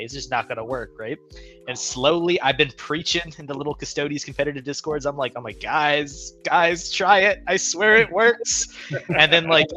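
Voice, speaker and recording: A man in a casual podcast chat, telling stories in an animated, boastful way. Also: medium pitch.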